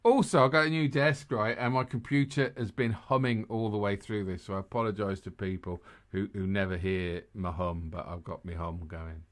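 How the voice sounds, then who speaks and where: Jokey rambling English podcast host. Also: male voice, on the low side, steady tone, moderate pace, hardly any pauses. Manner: jokey, rambling, laughs at his own jokes. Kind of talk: casual chat.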